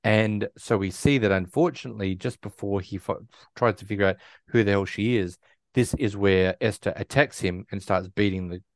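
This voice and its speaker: A man's voice: fairly low pitch, normal speed, no room sound, studio quality. A man co-hosting a casual film chat, retelling the plot with lots of restarts. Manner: rambling storyteller, many restarts and quoted lines. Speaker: podcast co-host. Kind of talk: casual movie recap chat.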